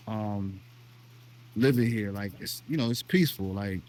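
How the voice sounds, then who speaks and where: A man's voice: lowish voice, a little slow, darkish tone. A middle-aged man from the United States, hosting a casual conversation and telling personal stories in an earnest, emotional way with frequent restarts. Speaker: vlog host.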